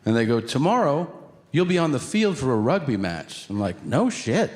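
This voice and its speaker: Recorded live on stage with audience noise, a man in a mid-range voice tells a comedy story briskly. He animates it by acting out the people involved and mimicking their quoted lines, all while sounding incredulous and exasperated.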